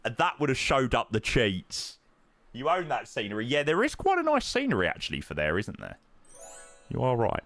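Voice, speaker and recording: A man chatting casually to his live-stream viewers as he plays, thanking supporters and reacting loudly to his own guesses. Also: medium pitch, normal speed, soft background music. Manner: excitable, swings between muttering and loud outbursts. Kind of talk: casual live-stream chat while playing.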